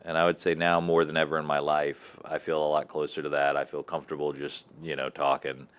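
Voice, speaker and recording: A man's voice: a bass voice, brisk, clear, resonant tone. A young man, a comedian from the American South with a light Southern accent, talking candidly and easily about his life. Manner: relaxed, candid storytelling. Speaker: comedian guest. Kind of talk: casual interview chat.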